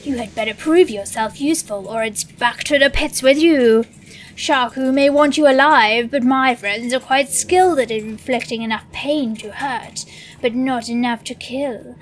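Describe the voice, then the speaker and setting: A woman's voice: fairly high pitch, a little slow, slight background noise, close to an everyday voice, poor audio. A woman voicing a cruel, mocking male orc overseer, delivering clipped, sneering threats.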